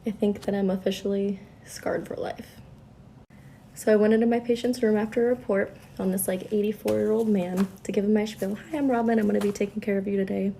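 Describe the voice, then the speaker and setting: A woman's voice: mid-range voice, flat delivery, quick pace, vocal fry, hardly any pauses, mellow, a little hiss or hum. A woman who works as a nurse, telling a story in a wry, disbelieving way. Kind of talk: casual storytime to camera.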